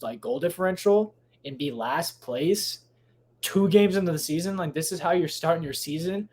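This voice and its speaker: A man with a high, slightly mellow voice hosts a solo podcast from home late at night. He rambles casually, swearing a lot, restarting sentences, and drifting into tangents.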